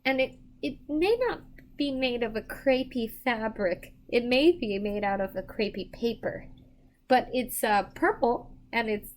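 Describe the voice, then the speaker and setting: A woman's voice: fairly high pitch, unhurried, a little hiss or hum. A tired woman doing psychic readings on a live stream, chatting casually with viewers and rambling with many restarts. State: tired, yawning.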